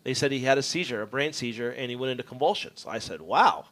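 Talking fast at a medium pitch, a man recounts a long road trip on a radio show, swearing freely, full of animation, and acting out others' lines in the studio.

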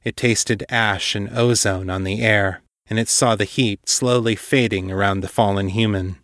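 A man with a low voice narrates a dark fantasy story in a measured, deliberate manner. The recording is dry and close, with no room sound. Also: fairly even intonation, no echo. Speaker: podcast host and narrator.

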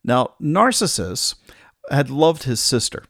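A man's voice: mid-range voice, very animated, slow pace, fairly bright tone, dry recording, clean studio sound. A man retelling an old myth in a casual, conversational way, with small asides and restarts. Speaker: storyteller.

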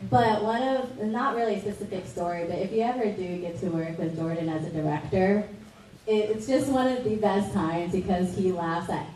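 A woman's voice: medium pitch, moderate pace, mellow, a little hiss or hum. A female voice actor chatting in a friendly way on a convention panel. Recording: echoey hall, distant mic.

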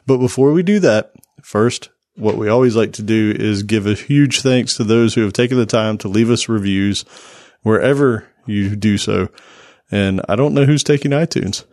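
A man co-hosting a podcast, reading intros in a smooth announcer-like way and chatting casually. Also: fairly low pitch, normal speed, a little mellow, no room sound, clean studio sound. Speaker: podcast co-host. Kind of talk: casual chat.

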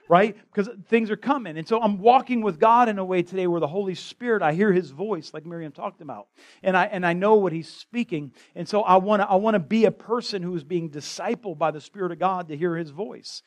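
A man's voice: sits high, fairly quick. A man preaching a conversational, impassioned sermon as pastor in a church. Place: church sanctuary.

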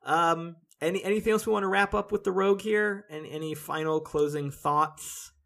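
A man hosting a laid-back gaming podcast, upbeat as he steers the talk toward a close. His voice sits a little higher than most men's. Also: moderate pace, creaky, fairly bright tone. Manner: upbeat, wraps up the show. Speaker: podcast host. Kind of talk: casual chat.

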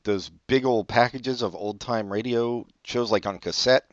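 A man's voice: medium pitch, a little slow, dry recording. A man co-hosting a casual podcast chat, laid-back and casually profane, asking questions. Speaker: podcast co-host. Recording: dull dry close-mic audio.

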